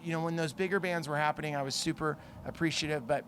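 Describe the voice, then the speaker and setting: A man's voice: a little high, steady tone, quick pace, a bit bright, slight background noise. A man in his late forties from California, a label founder talking in a casual interview, earnest, rambling and self-mocking. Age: 40s.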